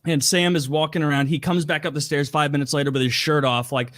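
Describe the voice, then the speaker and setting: This podcast host talks briskly at a medium pitch with hardly any pauses, animatedly retelling a story in casual conversation heavy on filler words and "like." The sound is studio quality with no echo.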